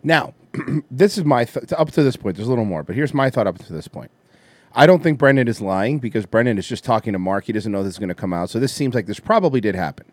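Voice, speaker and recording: A man's voice: mid-range voice, lively intonation, fast talker, dry recording. A man hosting a podcast, giving his opinions in a casual, wry way with many restarts. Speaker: podcast host. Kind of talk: casual commentary chat.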